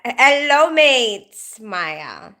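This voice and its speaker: A middle-aged nurse, just awake after night shifts, chats casually on a livestream in a fairly high, very animated, bright and forceful voice delivered extremely slowly. She giggles often and greets viewers by name.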